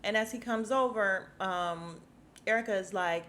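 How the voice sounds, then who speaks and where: A woman's voice: mid-range voice, unhurried, fairly bright tone. Sassy, blunt woman podcaster. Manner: sassy, blunt, swears freely, acts out quotes with exaggerated voices. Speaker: podcast host reviewing a reality show. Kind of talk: casual recap chat.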